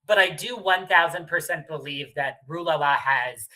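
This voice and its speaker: A woman's voice: low-pitched, normal speed, pushed and bright, low-quality recording. A woman co-hosting a casual podcast chat recapping reality TV, emphatic and swearing freely. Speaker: podcast co-host.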